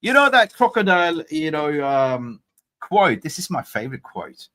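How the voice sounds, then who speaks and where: A man's voice: on the high side, very animated, moderate pace, sharp tone. A man hosting a casual live fan stream, joking loosely, swearing and reading viewer comments aloud. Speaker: fan channel livestream host.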